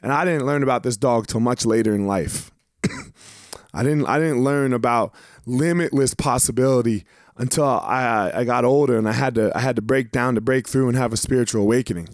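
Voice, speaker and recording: A former fighter speaks straight to the camera in a loose, motivational monologue, cussing now and then and doubling up words to drive points home. His voice sits at an ordinary middle pitch. The sound is dry and close, with no room echo. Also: normal speed. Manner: casual, profane, repeats words for emphasis. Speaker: former professional fighter giving motivational talk.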